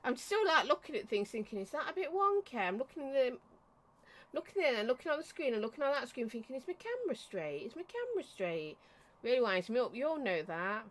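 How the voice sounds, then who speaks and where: A woman's voice: a little high, lively intonation, quick pace, a bit bright. A woman hosting a casual live stream from home, chatty and affectionate, greeting viewers by name and coughing now and then. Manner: coughs and clears throat often. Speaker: vape reviewer and livestream host.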